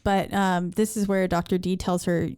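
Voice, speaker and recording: A woman's voice: on the low side, level tone, normal speed, darkish tone, clean tone, no echo, studio quality. A woman co-hosting a podcast, recapping a horror film in an easygoing, conversational way. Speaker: podcast co-host. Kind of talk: casual film recap chat.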